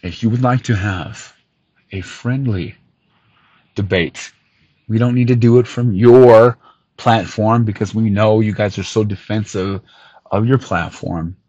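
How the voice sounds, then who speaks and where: A man hosting a podcast, ranting in an angry callout with lots of swearing, missing some teeth, swinging from loud outbursts to low muttering. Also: no room sound, lo-fi sound. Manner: profane, heated, swings from shouting to low muttering. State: missing teeth, awaiting dental work. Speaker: podcast host.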